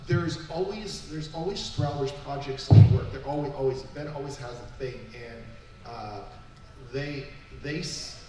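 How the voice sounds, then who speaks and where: A man's voice: mid-range voice, warm tone, a little hiss or hum. A man answering fan questions on a convention panel, rambling and restarting his sentences. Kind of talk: casual convention panel talk. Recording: echoey convention room, mic far off.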